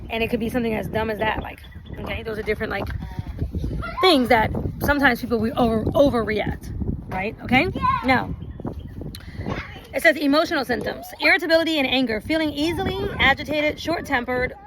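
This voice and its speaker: A woman recording a relationship vlog outdoors, reading out points slowly and adding chatty asides. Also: on the high side. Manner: reads lists slowly, adds chatty asides. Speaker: relationship vlogger. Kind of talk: casual talk, reading points aloud. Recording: outdoor recording with noticeable background noise.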